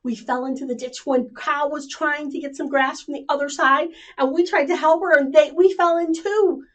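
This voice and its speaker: A woman's voice: high-pitched, steady tone, normal speed, fairly bright tone, voice pushed up. A woman voicing a group of farm animals stuck in a ditch in a children's story, fretful and complaining.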